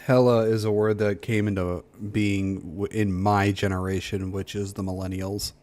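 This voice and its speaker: A man with a lowish voice dropping blunt, dry put-downs while reacting to posts. His comments are short and matter-of-fact, with a fair bit of swearing. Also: flat delivery, normal speed, a little mellow. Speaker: reaction streamer.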